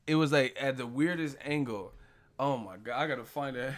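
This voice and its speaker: At a measured pace with frequent pauses, a medium-pitched man runs a casual live boxing stream. He spins lively tales loaded with slang and profanity, often laughing and performing lines from movies.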